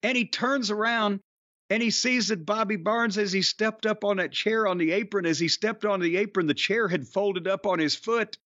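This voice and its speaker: High-voiced profane storytelling man. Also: normal speed, no room sound, dull audio. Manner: profane, rambling, animated anecdotes with restarts. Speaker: podcast co-host telling wrestling stories. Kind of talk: casual storytelling chat.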